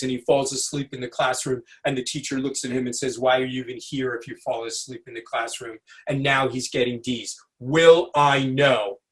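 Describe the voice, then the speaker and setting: A man giving an animated lecture over a video call, often checking in with "right?" and acting out quotes. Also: mid-range voice. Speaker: speaker at a community webinar.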